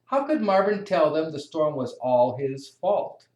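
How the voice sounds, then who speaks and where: A storyteller reading a children's picture book aloud in a slow, expressive, sing-song way. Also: medium pitch, muffled recording. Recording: echoey room.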